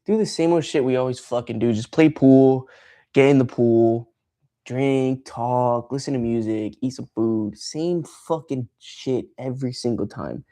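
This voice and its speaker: A man's voice: medium pitch, a little slow, warm tone. A man ranting on a casual livestream, frustrated and swearing freely as he rambles. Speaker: streamer.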